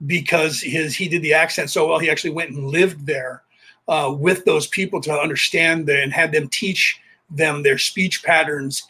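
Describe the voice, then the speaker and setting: A man's voice: on the high side, sharp tone, slightly rough. A middle-aged American man talking in a rambling, casual monologue as a podcast host, full of fillers and restarts. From United States.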